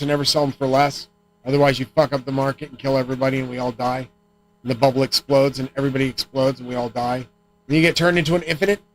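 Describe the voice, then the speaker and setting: A man's voice: fairly high pitch, a bit bright, a little hiss or hum, poor audio. A man streaming alone, rambling and swearing as he talks. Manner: profane, rambling rant. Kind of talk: rambling livestream talk.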